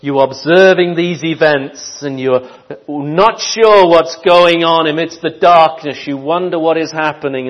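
A man preaching a sermon, swinging from loud declarations to hushed, near-whispered passages. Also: a little high, normal speed, few pauses, muffled recording.

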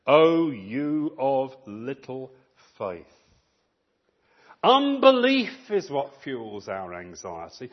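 A man preaching a sermon, telling stories with animated, acted-out quotes. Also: medium pitch, slightly rough, dull audio. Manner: animated storytelling, acts out quoted voices.

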